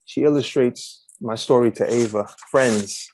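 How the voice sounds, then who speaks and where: A man with a medium-pitched voice speaks at a measured pace as an author guest on a video call interview. He's an animated storyteller, sharing anecdotes in casual chat and acting out the quotes as he goes.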